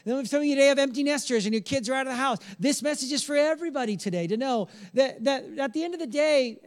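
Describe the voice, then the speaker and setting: A man in his thirties preaching a sermon as pastor, animated and joking, with sudden soft, earnest passages. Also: very high-pitched.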